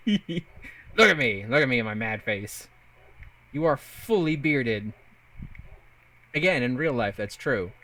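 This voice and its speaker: A man's voice: mid-range voice, expressive, slow, long pauses, sharp tone. A young man streaming a game, bantering playfully with his chat and laughing often. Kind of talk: casual live-stream chat while gaming.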